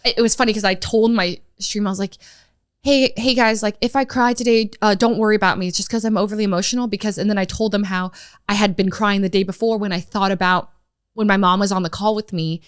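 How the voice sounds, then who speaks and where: A woman's voice: mid-range voice, clean tone, dry recording, studio quality. A young woman, a streamer, in casual podcast chat, telling stories animatedly with many fillers. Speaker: streamer guest.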